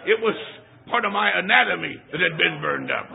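A man preaching as a traveling evangelist at a church service, telling a humorous personal story, swinging between shouts and hushed asides. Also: high-pitched, expressive, brisk, vocal fry. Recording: tinny lo-fi phone-like recording.

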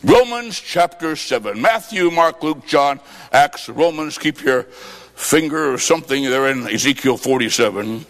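A man preaching a sermon, telling stories and acting out both sides of a conversation, jokey and emphatic, swinging between loud and soft. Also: mid-range voice, lively intonation, a little slow, long reverb tail.

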